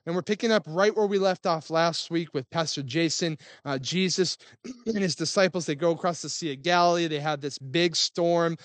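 A man's voice: a little high, moderate pace, a bit bright, no room sound. A man in his thirties, a pastor telling a family story in a conversational sermon. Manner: conversational storytelling with fillers and restarts.

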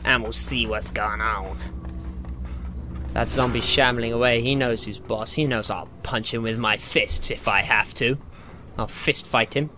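A man's voice: medium pitch, sharp tone, a little hiss or hum. A young man giving rambling, jokey gameplay commentary, talking to himself as he plays. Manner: rambling, jokey self-talk. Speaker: gaming channel host.

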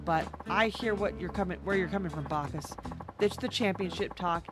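A woman's voice: lowish voice, moderate pace, lightly acted. A woman voicing a tough, brash woman fighter who mocks and bosses people, with game music behind. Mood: gruff. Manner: scornful, swaggering.

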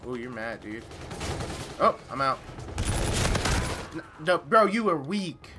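A man giving live commentary while playing a shooter game, excitable and taunting the opponents as he plays. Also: medium pitch, slow, heavy background noise. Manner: trash-talking, excitable, talks to opponents. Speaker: gamer. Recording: loud game gunfire behind voice. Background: game gunfire and effects.

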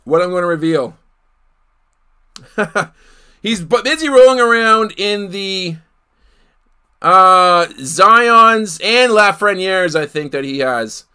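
A man's voice: sits high, expressive, slow, pauses often, sharp tone, smooth. A man hosting a live card break, calling out each player he pulls and exclaiming over the big hits. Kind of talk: live card-opening commentary.

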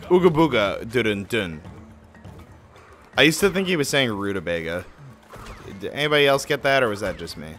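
Excitable, swearing man streaming a game. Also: mid-range voice, fast, faint music behind. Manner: excitable, swears often, mocks his own mistakes. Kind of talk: live gameplay commentary.

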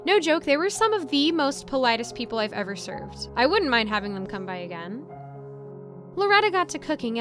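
A woman narrating a first-person story in a casual, chatty way, rambling into asides. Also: on the high side. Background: soft background music.

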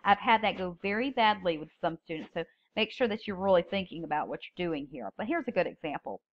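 With a lowish, animated voice and a fast pace, a woman runs a public speaking class in this lo-fi lecture recording. She breaks things down step by step, stressing key words in the openings she reads as examples.

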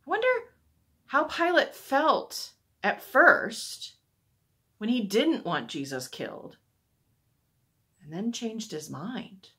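A woman on a church staff reading a Bible story aloud to children, expressive and asking wondering questions. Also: on the high side, takes it slowly, long pauses, slightly rough.

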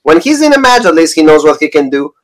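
A man's voice: fairly high pitch, big pitch swings, quick pace, poor audio. A man hosting a wrestling review show in casual chat, leading segments and summing up. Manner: leads segments and sums up.

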